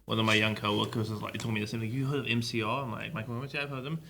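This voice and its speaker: A man in his late twenties, a guest in casual live podcast chat, bantering wryly and deadpan. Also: fairly low pitch, very fast, slight background noise. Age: 20s.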